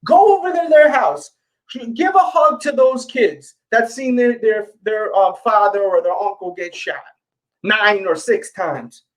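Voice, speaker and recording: High-voiced man with a New York accent. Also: measured pace. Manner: talks straight to viewers, repeats himself, pleading. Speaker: sneaker channel host. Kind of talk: casual livestream rant.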